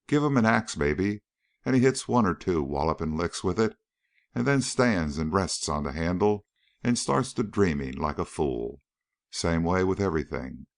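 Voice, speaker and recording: A man's voice: low-pitched, expressive, moderate pace, gravelly, dry recording, clean studio sound. A man voicing a big, scornful young backwoods farmhand with a folksy drawl.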